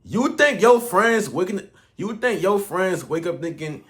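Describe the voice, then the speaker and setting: Young male online coach, unscripted talk-to-camera vlog, heavy slang and cursing, restarts often, swings from mumbling to loud. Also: a little high, sing-song, takes it slowly. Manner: slangy, profane, rambling with restarts and swings in loudness. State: out of breath. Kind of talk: casual motivational rant to camera.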